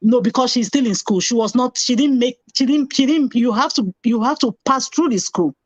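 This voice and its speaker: A woman's voice: fairly high pitch, fairly quick, no echo, dull audio. A middle-aged woman, a nurse, telling her personal story as an interview guest. She speaks animatedly, acts out past conversations and repeats phrases for emphasis.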